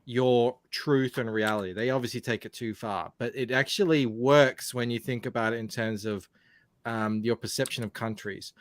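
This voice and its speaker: A man's voice: medium pitch, fairly even intonation, normal speed. A man from Australia with an Australian accent, chatting casually on a podcast and explaining things with lots of asides. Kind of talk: casual chat.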